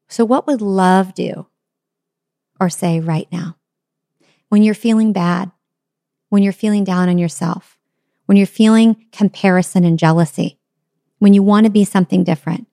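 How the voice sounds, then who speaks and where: A woman's voice: medium pitch, dark tone, dry recording, studio quality. A woman hosting a motivational podcast, speaking in an earnest, encouraging storytelling manner. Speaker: podcast host.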